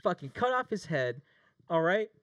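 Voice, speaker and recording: A high-pitched man speaks at normal speed, the audio sounding dull. As the plaintiff in a staged trial, he tells a long, lively story packed with jokes and swear words, casual courtroom storytelling through and through.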